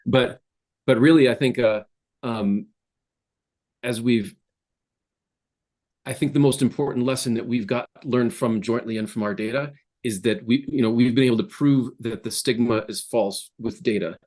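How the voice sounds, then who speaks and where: This app founder, a man, is being interviewed casually over video from his home office. He speaks at a normal speed in a medium-pitched, darkish voice. His speech is hesitant and full of fillers and restarts.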